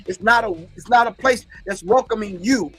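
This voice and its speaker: An emphatic male host breaks down archival clips, preaching and repeating key phrases for emphasis. His voice sits very high for a man. Faint music plays underneath him. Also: normal speed, fairly bright tone. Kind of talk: commentary on a recorded lecture.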